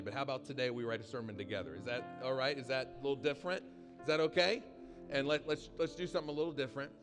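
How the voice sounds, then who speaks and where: A pastor preaching a conversational sermon to a live congregation, often asking the room questions. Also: male voice, medium pitch. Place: church hall with live audience.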